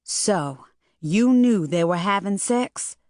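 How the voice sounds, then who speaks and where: A woman's voice: medium pitch, lively intonation, takes it slowly, a little mellow, no echo, studio quality. A woman voicing a worried, determined mother who speaks sharply and insistently. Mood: urgent.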